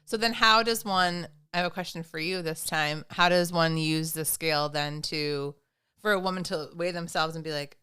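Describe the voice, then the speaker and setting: A woman's voice: sits low, moderate pace, pushed and bright, smooth. A woman guest on a podcast, chatting frankly and casually, who swears and laughs easily.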